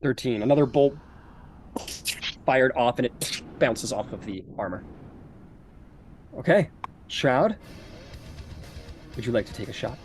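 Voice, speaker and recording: A man's voice: medium pitch, animated, unhurried, long pauses. A man narrating a tabletop game as game master, in a loose, casual style full of fillers. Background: faint background music.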